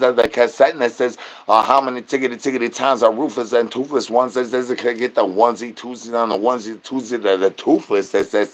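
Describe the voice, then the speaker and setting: A man streaming live, riffing through silly rhymes and repeated catchphrases, and he keeps jumping from quick mumbled chants into high squeaky yelps. his pitch sits right in the middle for a guy. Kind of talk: rambling live-stream chat.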